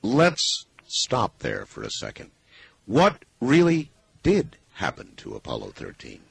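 A man's voice: on the low side, huge pitch swings, takes it slowly, vocal fry, fairly bright tone, husky, no room sound. A man hosting a call-in radio show, asking his guest brief, prompting questions. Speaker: radio talk show host. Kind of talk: interviewing a guest.

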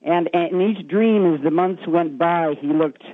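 A man phones in to a radio show and earnestly retells a story he heard, with plenty of "uh"s along the way. His voice sits a little high for a man. It comes through thin and tinny, like a phone line. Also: measured pace, no echo. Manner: earnest, retelling a secondhand story with many fillers. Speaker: caller.

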